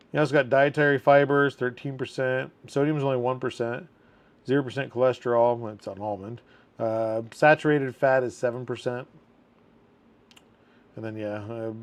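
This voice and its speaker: A man in his thirties hosting a casual livestream chat, reading viewer comments aloud and laughing often. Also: mid-range voice. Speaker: community manager hosting a livestream.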